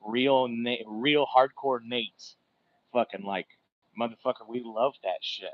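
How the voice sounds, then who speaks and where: Man from Alaska, mid-pitched, rambling and profane livestream host; muffled lo-fi phone audio from a distance. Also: fairly even intonation, measured pace, no echo. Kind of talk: casual livestream chat while whittling. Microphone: phone set far from him.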